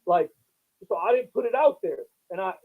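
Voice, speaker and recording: A battle rapper man vents in an interview, aggrieved and insistent, tripping over restarts. His voice sits high and husky, and the clip sounds thin and phone-like. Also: lively intonation, normal speed. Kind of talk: heated interview talk.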